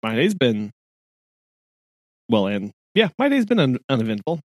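Lively co-host with a swooping voice. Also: medium pitch, normal speed, dry recording, clean studio sound. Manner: lively, sighing, laughing asides. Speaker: podcast co-host. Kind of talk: casual chat.

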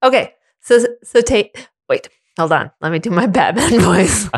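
A woman's voice: medium pitch, animated, husky. A woman co-hosting a comedy podcast in casual chat, playful and teasing. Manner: playful, teasing, quick to laugh. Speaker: podcast co-host.

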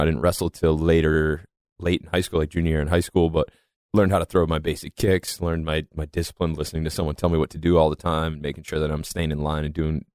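A man's voice: very deep voice, darkish tone, dry recording, clean studio sound. A young man from north of Boston with a faded Boston accent, a podcast guest telling stories in casual chat and laughing often. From just north of Boston. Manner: laughs often, rambling storytelling.

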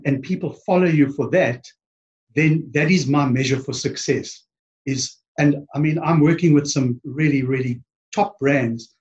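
A man's voice: on the high side, darkish tone, dull audio. A man with a South African accent, a guest in a casual interview, speaking hesitantly with many ums and restarts. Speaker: podcast guest.

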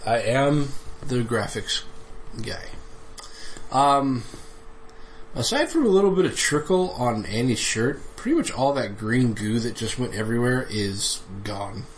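Slow, laid-back man chatting over a movie. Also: medium pitch, expressive, slight background noise. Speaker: podcast co-host. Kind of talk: casual movie commentary chat.

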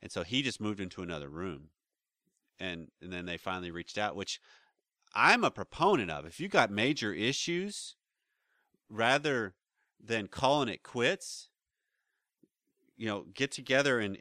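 Guy cohosting a relationship podcast, kinda low voice, rambles and restarts a lot, dry mic. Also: lively intonation, moderate pace, pauses often, bright, forceful tone, no echo. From United States. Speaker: podcast co-host, relationship counselor. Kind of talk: casual chat.

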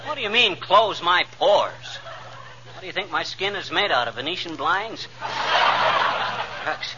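An actor playing a blustering, boastful husband with a sniffling cold, in 1940s radio comedy. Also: male voice, sits high, animated, pushed and bright, exaggerated voice. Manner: blustering, boastful, rapid tongue-twisting patter. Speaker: comedy lead. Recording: dull old radio broadcast with faint hiss.

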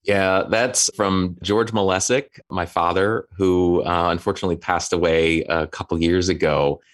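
A middle-aged man, an author and religion scholar, giving thoughtful, measured answers as a podcast guest. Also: low voice, steady tone. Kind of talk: conversational interview.

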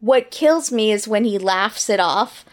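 A woman's voice: medium pitch, expressive, a little slow. A woman co-hosting a casual podcast, talking in a playful, conversational way. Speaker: podcast co-host. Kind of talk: casual chat.

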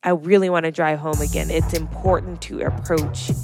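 A woman co-hosting a podcast, chatty and animated, who acts out little quotes as she talks. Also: low-pitched, moderate pace, soft background music. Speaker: podcast co-host. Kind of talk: casual podcast chat.

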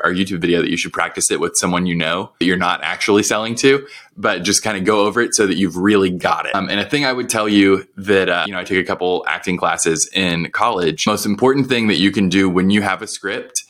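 A man with a deep, low voice talks through business advice on a podcast. His delivery is casual and conversational, and he lays out his points one at a time. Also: fairly bright tone. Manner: conversational, explains step by step with practical advice. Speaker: podcast co-host.

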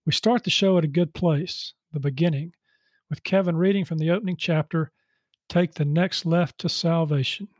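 A man's voice: on the high side, fairly even intonation, normal speed, no room sound, clean studio sound. A male podcast host introducing the episode and reading announcements in a chatty way, with many "uh" fillers. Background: guitar music.

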